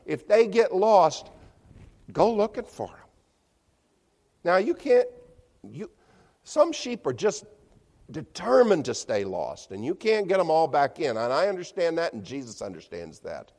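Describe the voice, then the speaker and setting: A male pastor preaches with a lively voice that climbs high and sinks low. He stretches key words, then drops to a hush. A long reverb trails every phrase, as in a large church hall. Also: a little slow, pauses often. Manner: animated, rising and dropping to near whispers for emphasis. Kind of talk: sermon.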